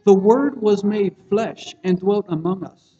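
A man's voice: sits high, measured pace, mellow, slight background noise. A man preaching a sermon in an earnest, plain-spoken way, often restarting phrases and checking in with his listeners. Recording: dull lo-fi sermon recording.

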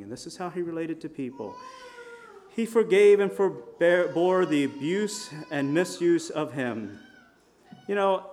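A man preaching a sermon in a conversational storytelling manner, with lively shifts in volume. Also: fairly high pitch, slight background noise. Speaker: pastor.

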